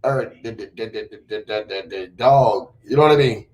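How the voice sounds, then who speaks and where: A man's voice: medium pitch, moderate pace, darkish tone, soft background music. A man in playful casual banter with friends, stammering through repeated words and mimicking animal sounds. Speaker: friend in group chat.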